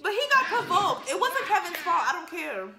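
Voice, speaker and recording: A young woman giving casual, joking movie commentary in an emphatic, animated way. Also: very high-pitched, fairly quick, echoey room, a loud crowd. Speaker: vlogger reacting to a film.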